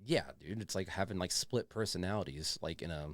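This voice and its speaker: A man with a very deep voice hosts a podcast in relaxed, enthusiastic chat. He swears freely and calls everyone "dude." The sound is dry and close. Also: brisk, dry recording. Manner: loose and enthusiastic, swears, says "dude" a lot. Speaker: podcast co-host. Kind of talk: casual chat.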